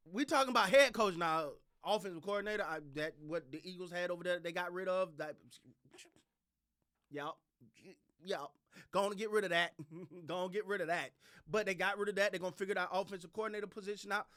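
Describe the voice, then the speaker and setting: A man with a high, bright voice hosts his own football talk show. He speaks in an animated way, full of slang and repeated phrases. His voice swings up into sharp, excited bursts and drops low for emphasis. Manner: animated, repetitive, street slang, laughs. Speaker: sports channel host. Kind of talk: casual sports commentary.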